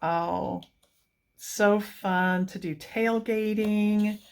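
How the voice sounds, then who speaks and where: A woman's voice: mid-range voice, steady tone, very slow, a little mellow. A woman chatting through a coloring book, gushing over each page and wandering off into rambling asides. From United States.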